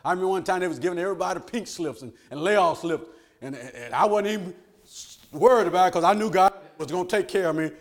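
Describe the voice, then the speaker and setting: A man preaching a folksy, animated sermon. He laughs often and swings between loud and hushed. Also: high voice, quick pace.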